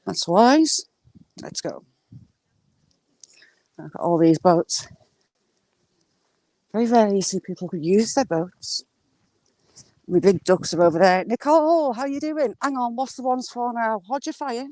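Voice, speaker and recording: A woman chatting casually on a walk by the water, filming on a handheld phone and cooing at ducks in a high sing-song voice. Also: lively intonation, unhurried, long pauses, a little mellow, no echo. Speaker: vlogger. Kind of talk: casual walking vlog. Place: outdoors by water.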